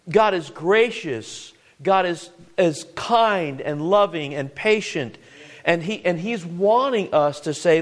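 Guy preaching a sermon, kinda high voice, earnest, keeps asking the room questions. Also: animated, moderate pace. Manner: earnest, repeats words, asks the congregation questions.

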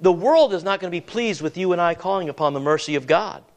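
A man's voice: sits high, animated, fast. A man preaching a sermon as pastor, asking the congregation questions and often repeating words as he goes.

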